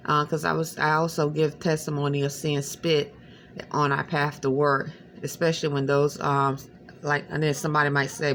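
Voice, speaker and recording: A woman speaking in a hesitant, rambling late-night monologue at home, filling her talk with many pauses and fillers. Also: low-pitched, flat delivery, creaky, fairly bright tone, a little hiss or hum. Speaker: vlogger.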